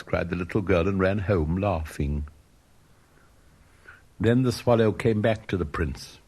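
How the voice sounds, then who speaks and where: A man narrating a storybook with expressive, dramatic delivery. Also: low voice, unhurried, slightly rough. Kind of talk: storybook reading.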